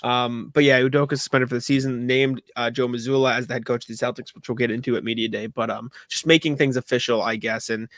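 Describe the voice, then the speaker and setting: A man's voice: mid-range voice, flat delivery, quick pace, few pauses, a bit bright, no room sound. Man, sports podcast co-host, casual chat, mid-range voice, dry close sound. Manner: loose, filler-heavy delivery.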